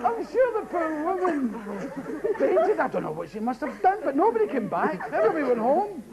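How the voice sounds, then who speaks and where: Animated Scottish comedian before a roaring crowd. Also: male voice, brisk, gravelly. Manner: animated, mimics people in sharp high voices. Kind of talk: stand-up storytelling. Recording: 1980s TV audience show, loud crowd and noise. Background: loud audience laughter.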